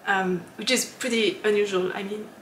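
A woman hosting a knitting podcast in a casual, chatty way, often laughing and pausing with ums. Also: mid-range voice, fairly even intonation, roomy sound, slight background noise. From lives in Switzerland.

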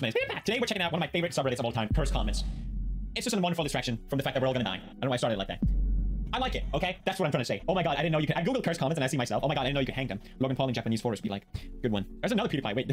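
Dude rattling through meme reactions super fast, laughs a lot, soft music in the back. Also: male voice, mid-range voice. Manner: animated, jokey, laughs often, talks to his pets. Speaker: video host. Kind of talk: reaction commentary on online posts.

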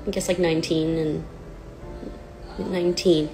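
Slow, halting young woman on a livestream. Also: low voice, little pitch movement, music in the background, low-quality recording. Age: 20s. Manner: halting and hesitant, self-deprecating, many fillers. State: nervous and near tears. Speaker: pop singer on a livestream. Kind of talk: casual livestream chat. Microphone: phone. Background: sad song playing faintly.

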